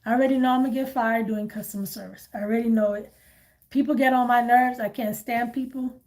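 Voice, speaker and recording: A woman hosts a relaxed live stream as a tarot reader and chats freely with her viewers. She tells stories at length and laughs easily. Her voice sits a little higher than most women's. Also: fast. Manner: chatty storytelling, laughs often. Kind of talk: casual live-stream chat.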